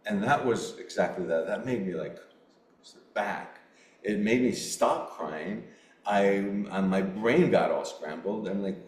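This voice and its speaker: A middle-aged man, a podcast guest, telling a personal story in an earnest, halting way with many restarts. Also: fairly low pitch, darkish tone. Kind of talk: storytelling in a casual interview. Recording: roomy echo.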